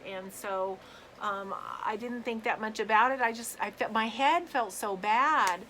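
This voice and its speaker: A woman sharing her own story in a personal vlog, talking earnestly and haltingly with many fillers and restarts. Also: medium pitch, pushed and bright, slight background noise, low-quality recording.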